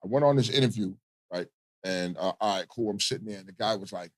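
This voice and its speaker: Here a Baltimore radio co-host with a lowish voice talks fast during a morning show. His chatter is casual and profane, and he keeps asking "you know what I mean."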